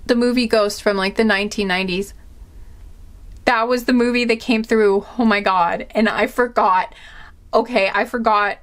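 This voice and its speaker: A woman reading tarot cards to camera in a casual, rambling way, excitable and full of filler words. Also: a little high, moderate pace. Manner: chatty and rambling, with many "like" fillers; excitable, easily amazed. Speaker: tarot card reader and channeler.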